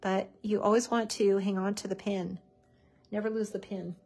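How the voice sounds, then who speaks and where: A woman's voice: mid-range voice, little pitch movement, moderate pace, a little mellow, faint music behind. A woman hosting a live crafting tutorial, chatty and bubbly, with many fillers.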